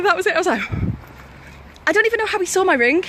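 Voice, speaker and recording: Young woman vlogger, high voice, chatty, giggly storyteller, faint noise behind. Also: expressive, quick pace, sharp tone. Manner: chatty, laughs often while telling stories. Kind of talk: casual live-stream storytelling.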